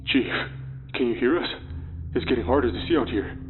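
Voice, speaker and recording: Heard through a thin, phone-like radio line, this is a weary soldier on his last legs, as a storyteller puts him on. He sounds strained and quiet, with music running behind him. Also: mid-range voice, a little fast, voice pushed up. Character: exhausted male soldier on a radio.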